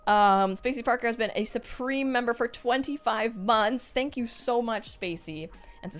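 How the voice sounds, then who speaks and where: A young woman streaming live, reading out chat messages and reacting in a bubbly, excitable way. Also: fairly high pitch, a little fast.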